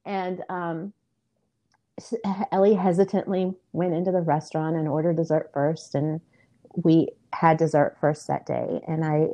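A middle-aged woman with a low, mellow voice shares a story as a podcast guest. She talks in an earnest, easygoing way and uses plenty of fillers. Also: little pitch movement, moderate pace. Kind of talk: casual storytelling in an interview.

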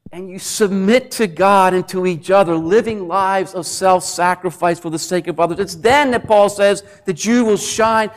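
A man preaching a sermon, animated, acting out grumbling voices and sometimes dropping to a near whisper. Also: high voice. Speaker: pastor.

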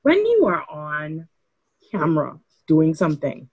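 A woman with a lowish voice argues her points on a podcast. She talks emphatically and opinionatedly. The delivery is casual, as if among friends. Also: wildly swooping pitch, a little slow, dull audio, background noise. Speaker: podcast co-host.

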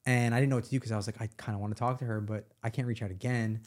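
A man's voice: lowish voice, fairly even intonation, rapid-fire, darkish tone. A man from New York, a podcast guest, retelling a story in casual chat.

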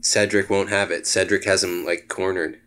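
A man casually rambling through a comedy pitch, full of filler words. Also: flat delivery, moderate pace, a bit bright.

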